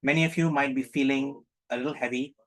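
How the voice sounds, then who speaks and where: A man's voice: mid-range voice, fairly even intonation, quick pace. A man leading an online group healing session on a video call, playful and teacherly, repeating his questions to the group. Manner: playful, repetitive teacherly prompting.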